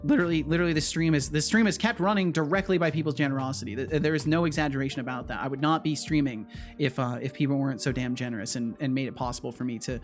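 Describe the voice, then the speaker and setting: A man's voice: medium pitch, fairly even intonation, racing, hardly any pauses, faint music behind. A man chatting casually on his livestream, often stammering and repeating words. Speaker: streamer and game developer. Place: home.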